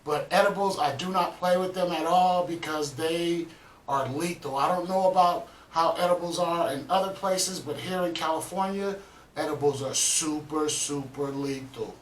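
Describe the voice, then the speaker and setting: A man's voice: on the high side, moderate pace, reverberant, far from the mic, slight background noise, rough recording. A man casually chatting as host of a reaction video, laid-back and rambling with lots of "um" and "man". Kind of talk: casual chat.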